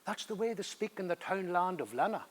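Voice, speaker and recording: An older man, telling stories and reciting verse in a playful, lively way. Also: sits high, fairly quick. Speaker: poet. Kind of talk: theatre dialogue and poem recital.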